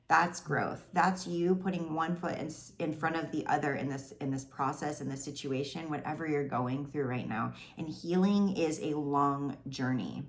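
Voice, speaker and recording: A woman in her thirties gives a heartfelt spiritual talk in a low-pitched voice. She is tearful and close to crying, yet stays gentle and reassuring, circling back to the same kind phrases. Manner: gentle, reassuring, repeats herself. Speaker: tarot reader.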